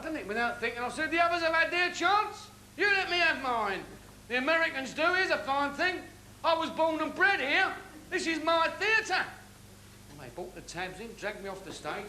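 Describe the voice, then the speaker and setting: A man's voice: sits high, bright, forceful tone, a little hiss or hum. A man doing a cheeky old music-hall comic. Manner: cheeky patter, sings snatches of songs. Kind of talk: music-hall comedy impression.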